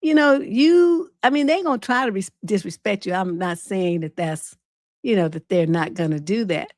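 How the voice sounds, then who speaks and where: A woman's voice: medium pitch, moderate pace, dry recording, clean studio sound. A woman relationship coach hosting an unscripted advice livestream, telling stories bluntly and with plenty of profanity. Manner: blunt, profane, animated storytelling.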